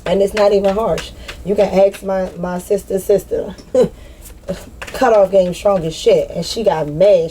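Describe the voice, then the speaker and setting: A woman's voice: medium pitch, steady tone, unhurried, mellow, a little hiss or hum, low-quality recording. A woman giving a casual, unscripted spiritual monologue outdoors, blunt and profane with streetwise slang. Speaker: spiritual vlogger. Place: outdoors in nature.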